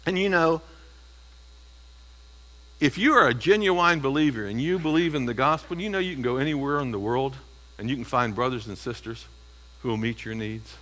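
A man's voice: medium pitch, normal speed, pauses often, sharp tone, poor audio. A man preaching an expository sermon, emphatic and teaching, often asking the congregation questions. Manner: emphatic, stresses single words. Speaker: pastor.

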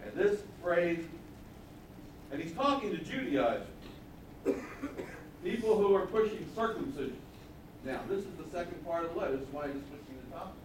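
A male pastor teaching a sermon in a conversational way, asking the congregation questions and stressing repeated words loudly. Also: a little high, expressive, moderate pace, long pauses, distant mic, slight background noise. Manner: conversational Bible teaching, rising to emphatic repetition. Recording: echoey room, voice from off-mic.

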